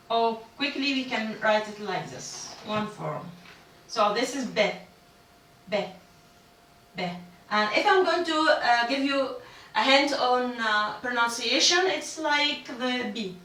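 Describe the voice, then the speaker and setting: A woman who speaks natively, teaching an online language lesson patiently and repeating each letter slowly for learners. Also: a little high, bright, forceful tone, reverberant, recorded from a distance. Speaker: Arabic teacher.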